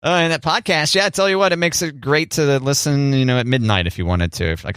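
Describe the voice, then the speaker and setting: A man's voice: mid-range voice, fast talker, fairly bright tone, clear, resonant tone, no echo, studio quality. A man co-hosting a radio show, bantering casually with joking, rambling asides.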